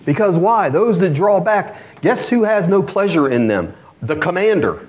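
A man preaching a sermon to his congregation, animated and asking rhetorical questions. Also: high-pitched, moderate pace. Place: church congregation.

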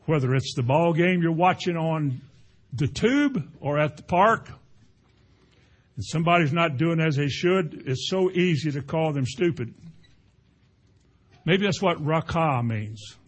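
A man's voice: fairly high pitch, unhurried, pauses often. A man preaching a conversational sermon, telling homely stories with playful sound effects. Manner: folksy, animated storytelling with sound effects. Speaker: pastor.

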